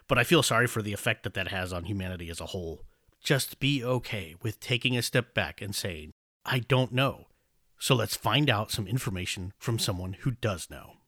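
A man's voice: fairly low pitch, a bit bright, no room sound. Guy ranting on his podcast, blunt and sweary, dead dry sound. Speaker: podcast host. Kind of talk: opinionated monologue then casual banter.

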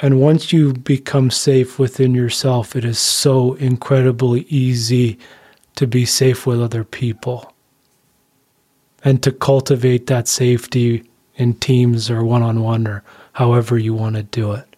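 Male co-host, mellow, deliberate, reflective. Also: medium pitch, level tone. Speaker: podcast co-host. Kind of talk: reflective interview talk.

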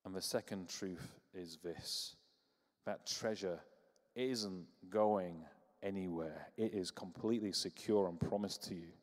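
Guy preaching, jokey storytelling sermon, big church echo. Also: fairly low pitch. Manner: lively storytelling with humor.

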